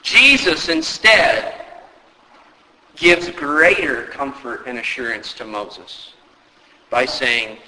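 A man preaching a sermon, often asking rhetorical questions and rising sharply in pitch for emphasis. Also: big pitch swings, slow pace, long pauses, pushed and bright, in a large hall, a little hiss or hum, rough recording. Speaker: pastor.

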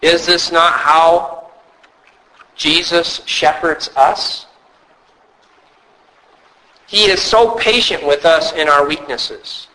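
A male pastor giving a sermon, earnest and measured, with occasional storytelling asides. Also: on the high side, fairly even intonation, pushed and bright, low-quality recording.

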